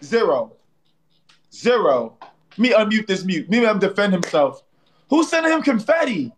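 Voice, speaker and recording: A man's voice: sits high, very animated, brisk, slight background noise. A man hosting a live stream in casual banter, playfully trash-talking and teasing his viewers and a rival, slangy and repetitive, tagging lines with "bro.". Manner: slangy, repeats phrases, tags lines with "bro". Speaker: livestream host.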